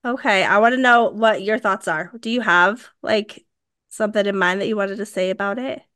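A woman in her thirties co-hosting a podcast, telling a story in a casual, animated way. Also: mid-range voice, normal speed, smooth. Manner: animated storytelling, acts out quoted dialogue. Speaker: podcast co-host.

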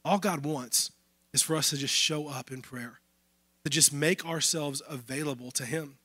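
Conversational preacher. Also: male voice, a little high, moderate pace, bright, forceful tone, dry recording. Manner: conversational preaching, addressing listeners as y'all. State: losing his voice. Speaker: pastor. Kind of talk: sermon.

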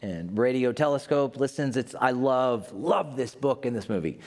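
A man's voice: medium pitch, expressive, moderate pace. A male pastor preaching a sermon, telling a story with playful asides. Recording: long hall reverb.

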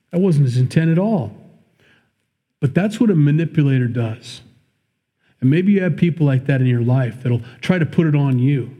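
Pastor, male, mellow and relaxed, teaches scripture in an easy conversational tone. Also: medium pitch. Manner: conversational, reads scripture then adds plain asides. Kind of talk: sermon, verse-by-verse Bible teaching.

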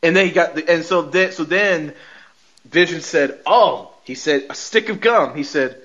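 A man's voice: high voice, a little slow, highs cut off. A man hosting a podcast, retelling a TV episode in casual chat, laughing often and quoting the characters. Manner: animated retelling with frequent laughter and quoted lines. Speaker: podcast host.

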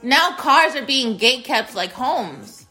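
A woman's voice: high voice, expressive, slow pace, pushed and bright, soft background music. A woman in her thirties hosting a casual solo podcast from a spare bedroom at home. She talks straight to her listeners and repeats her phrases. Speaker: podcast host.

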